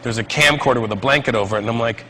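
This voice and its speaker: Animated man telling a comic story. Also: medium pitch, rapid-fire, slight background noise, low-quality recording. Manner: animated, acts out the other people's lines in the story. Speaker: stand-up comedian.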